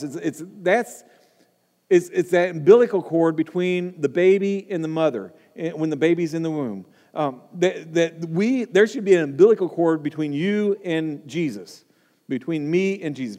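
A man's voice: high voice, darkish tone, long reverb tail. A man preaching a sermon as pastor, emphatic, often repeating words and pushing his voice up for stress.

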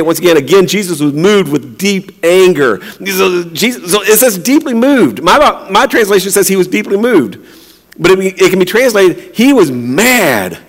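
A male pastor preaching in a loose, conversational way, repeating himself and breaking into little acted-out quotes. His voice sits high for a man. The sound carries a long reverb, as in a large hall. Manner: conversational, repeats and restarts words, acts out quotes. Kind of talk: sermon.

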